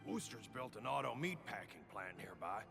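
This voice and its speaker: A man's voice: on the low side, big pitch swings, brisk, vocal fry, music in the background. An actor playing a weary male survivor in a video game, earnest and worried as he asks for help. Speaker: game character.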